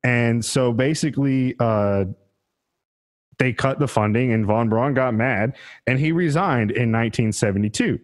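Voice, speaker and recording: A man's voice: mid-range voice, measured pace. A man co-hosting a podcast, telling history in a casual, profane, rambling way and laughing at his own jokes. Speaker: podcast co-host. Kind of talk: casual comedic history chat.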